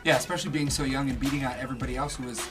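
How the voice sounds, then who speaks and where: A man's voice: mid-range voice, steady tone, very fast, over music. A male radio host interviewing a guest, upbeat and chatty, laughing often.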